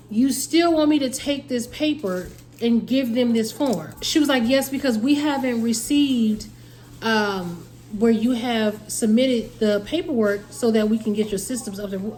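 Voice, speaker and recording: A woman's voice: on the high side, a little hiss or hum. A woman, casually telling a story and acting out both sides of the conversation. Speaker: family vlogger.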